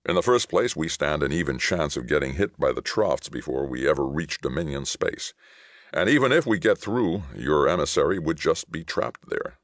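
A man's voice: extremely low pitch, animated, moderate pace, no room sound, clean studio sound. A man reading the part of a stern government envoy, speaking firmly and emphatically in clipped phrases.

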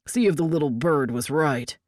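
A woman's voice: low-pitched, normal speed, a little mellow, no room sound, clean studio sound. A woman voicing a curt, cold guard leader. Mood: commanding. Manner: curt, giving orders. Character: big commanding male guard leader, cold.

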